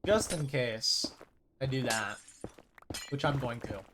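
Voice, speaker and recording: A man's voice: medium pitch, lively intonation, slow, noisy background. A young man streaming a video game, chatting casually and rambling as he plays. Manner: rambling, chatty, with sudden loud mimicking shouts. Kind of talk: casual gameplay chat.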